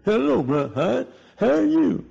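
A man preacher voicing a grown church choir member who cannot talk right, in a strained, halting voice. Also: very high-pitched, huge pitch swings, creaky, mellow, husky, dull audio, voice pushed up, full character voice. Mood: eager.

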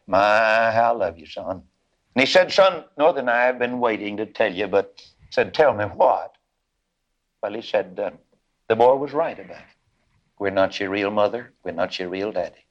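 A man's voice: medium pitch, dull audio. A man, preaching a sermon in a folksy drawl, telling a story and voicing its people. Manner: folksy, drawling storyteller voicing characters, building to chanted, sung climaxes.

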